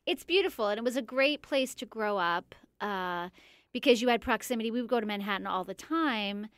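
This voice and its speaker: A woman's voice: a little high, lively intonation, a little fast, fairly bright tone, no room sound. A woman from upstate New York, a podcast guest describing where she grew up in an enthusiastic, descriptive way. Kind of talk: conversational interview answer.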